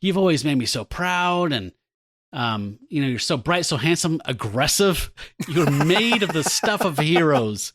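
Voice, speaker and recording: A man's voice: fairly high pitch, animated, a little slow, fairly bright tone, no room sound, studio quality. A man doing a pleading older father. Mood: tender. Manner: pleading, earnest. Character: pleading, sentimental older father, a gruff newspaperman.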